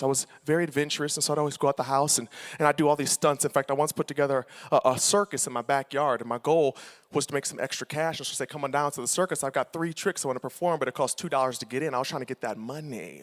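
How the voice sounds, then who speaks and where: A young man giving a storytelling sermon to a conference crowd, animated and playful, swinging between loud outbursts and soft asides. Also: a little high. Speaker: conference speaker. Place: large hall with live audience.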